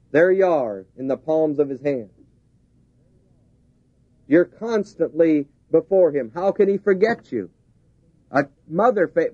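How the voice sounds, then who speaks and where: A man's voice: on the high side, darkish tone, no echo. A man preaching a sermon, driving his points home with repeated, rising emphasis. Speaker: pastor. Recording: dull lo-fi 1970s tape.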